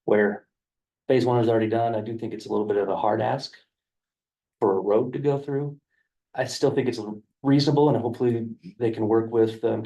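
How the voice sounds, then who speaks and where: A man's voice: lowish voice, creaky, warm tone, distant mic, dull audio. A man on county staff explaining a development proposal at a work session, hesitant and full of fillers, in a meeting room. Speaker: county planning staff presenter.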